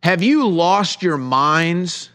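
A man's voice: on the high side, animated, drawn-out words, fairly bright tone. A middle-aged man hosting a heated political commentary show, sarcastic and full of rhetorical questions.

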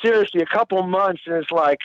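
A man's voice: high-pitched, brisk, dry recording, muffled recording. A man telling a long, rambling story in a casual interview, laughing and swearing freely. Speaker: musician guest.

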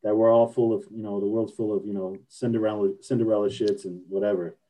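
A man's voice: fairly low pitch, level tone, fast, dark tone, rough recording. A man co-hosting a casual podcast chat, reading out crude slang definitions and joking along. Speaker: podcast co-host.

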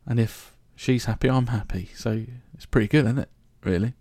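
A man's voice: mid-range voice, moderate pace, warm tone, dry recording. A man from London with a London accent, hosting a solo podcast in a chatty, joking, rambling way. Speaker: podcast host. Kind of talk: casual solo podcast monologue.

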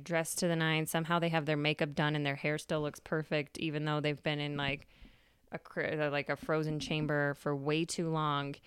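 A woman's voice: deep voice, fairly bright tone, clean tone, dry recording, clean studio sound. A woman hosting a podcast, telling a story in a chatty, casual way with free swearing. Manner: chatty, swears freely, laughs. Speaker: podcast host.

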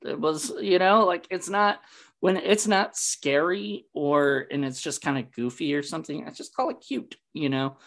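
A man's voice: on the high side, animated, normal speed, a bit bright. A man hosting a casual movie discussion, rambling with many fillers and restarts. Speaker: podcast host.

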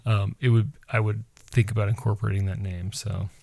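A middle-aged man co-hosting a podcast, chatting in an animated way and mimicking his kids as he tells stories. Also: fairly low pitch, fairly quick, vocal fry, slightly rough, no room sound. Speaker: podcast co-host, teacher. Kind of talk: casual chat.

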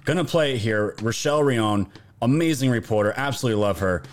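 A man hosts a chatty commentary show, mocking his targets and speaking straight to his viewers. His delivery is lively and swings widely in pitch, with a middling voice. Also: quick pace. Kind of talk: casual political commentary.

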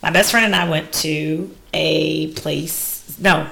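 A woman who runs wine classes, talking on a podcast in a lively, laughing, exclamatory way. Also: deep voice, slow pace, creaky. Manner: animated, laughing, exclamatory storyteller. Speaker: wine educator and business owner. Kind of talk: casual podcast interview.

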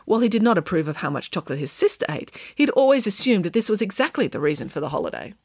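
A woman narrating a children's story audiobook in an expressive, animated way. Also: on the low side, racing, husky, dry recording, studio quality.

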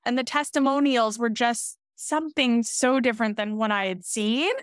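A woman's voice: on the high side, moderate pace, clean tone, no room sound, studio quality. Candid woman telling her birth story. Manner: candid, emotional, animated quoting of others. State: pregnant. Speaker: podcast guest. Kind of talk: emotional personal storytelling.

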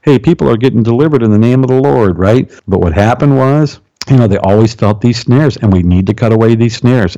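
Male pastor guest with a low, mellow voice. Animated preaching and reading commentary, dry lo-fi recording. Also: dry recording. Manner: animated, keeps asking "right?" and "okay?"; jumps high in pitch for emphasis. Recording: dull lo-fi sound.

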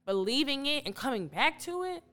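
A woman's voice: high-pitched, sing-song, a little fast, sharp tone. A young adult woman from Detroit, a podcast guest in casual chat, telling stories animatedly and acting out her own past remarks. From Detroit, Michigan.

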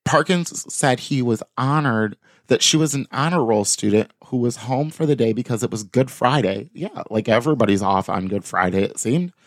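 A man's voice: mid-range voice, normal speed, hardly any pauses, no echo, clean studio sound. A man hosting a podcast, reading news articles aloud with offhand jokey asides in casual chat. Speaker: podcast host.

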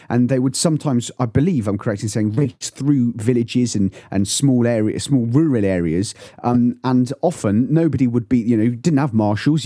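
Mellow-voiced man, earnest and halting. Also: medium pitch, no room sound, clean studio sound. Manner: hesitant, many restarts, earnest. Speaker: podcast panelist. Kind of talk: casual discussion.

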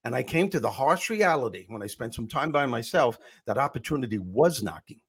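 A middle-aged man with a husky voice and an ordinary pitch, a comedian telling animated stories in an interview. He acts out the lines he quotes. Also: a little fast. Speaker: comedian and motivational speaker guest. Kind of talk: storytelling interview answer.

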